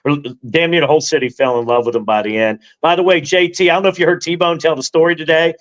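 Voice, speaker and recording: A man's voice: fast, highs cut off. A man who hosts a sports radio morning show, chatting casually as a guest and telling stories with jokes. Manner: storytelling, joking, drops low and soft when somber. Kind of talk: casual podcast chat.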